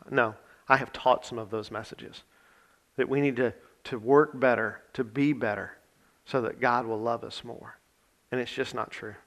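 A man's voice: medium pitch, a bit bright. A male pastor giving a conversational sermon, reading scripture with emphasis and talking plainly with his congregation.

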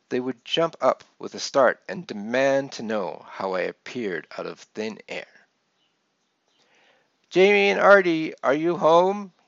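A man reading aloud from his own memoir, gently telling a childhood story and brightening his tone for the people he quotes. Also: lowish voice, gravelly, dry recording. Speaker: author reading his book. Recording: dull lo-fi dry recording.

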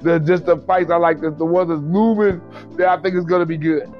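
A man in casual chat about fights, animated and profane, often acting out quotes. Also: a little high, fairly quick, muffled recording, soft background music.

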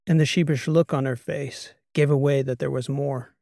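A man narrating a science fiction audiobook in a steady, even storytelling manner. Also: mid-range voice, measured pace, vocal fry, dry recording, clean studio sound. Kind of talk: scripted narration.

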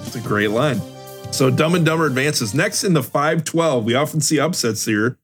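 A man's voice: medium pitch, normal speed, fairly bright tone, faint music behind. A man hosting a podcast in casual chat, announcing movie matchups like a sports caster. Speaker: podcast host running a movie bracket.

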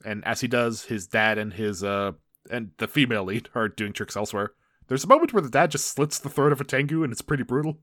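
A man's voice: medium pitch, pushed and bright, no room sound, clean studio sound. A young man co-hosting a casual show recap, laughing often and restarting sentences as he goes. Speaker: podcast co-host.

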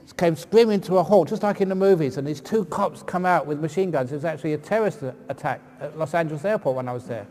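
Man, monk, humorous storyteller, slightly high voice, reverberant hall. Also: fast talker, few pauses, darkish tone. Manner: joking, anecdotal storyteller. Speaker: Buddhist monk giving a dharma talk. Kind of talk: humorous talk answering audience questions. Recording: long hall reverb, faint ambient noise.

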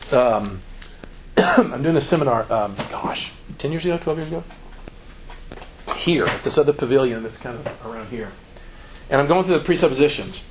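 A man's voice: mid-range voice, slight background noise, rough recording. A middle-aged man giving a conversational church seminar talk, acting out quotes as he goes. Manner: conversational, animated, acts out quotes. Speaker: youth ministry speaker.

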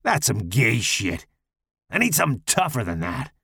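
A man growling as a gravelly, hulking killer. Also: medium pitch, very animated, bright, forceful tone, no echo, clean studio sound, heavily acted. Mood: menacing taunting. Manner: taunting, foul-mouthed, slow and drawling. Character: menacing deformed hulking male killer, crude and bossy.

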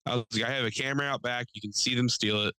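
A man's voice: mid-range voice, fairly even intonation, racing, pushed and bright, clean tone, no echo, poor audio. A young man co-hosting a podcast, telling a long, profane story in casual chat and acting out the people he quotes in a raised voice. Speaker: podcast co-host.

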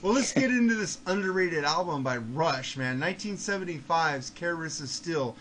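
A podcast host chats casually but erupts into excitable rants, cursing nonstop. His voice is slightly high for a man and his pace is normal, while a faint noise sits under the recording.

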